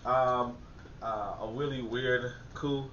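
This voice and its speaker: A man's voice: mid-range voice, fairly even intonation, slow pace, a bit bright, a little hiss or hum. A man talking in a casual commentary monologue, rambling with many fillers and restarts and repeating his points to drive them home. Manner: preachy, repeats points for emphasis. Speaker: commentator and author. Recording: echoey, distant, dull lo-fi audio.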